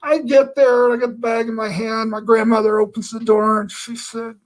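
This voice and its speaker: With an extremely high pitch and flat delivery, a Christian man moves at a moderate pace through his earnest personal testimony. He meanders and uses many filler phrases, and the recording quality is rough.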